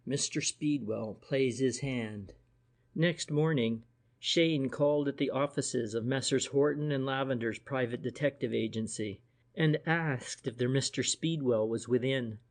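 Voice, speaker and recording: A man's voice: medium pitch, unhurried. Man narrating a mystery audiobook. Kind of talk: scripted narration.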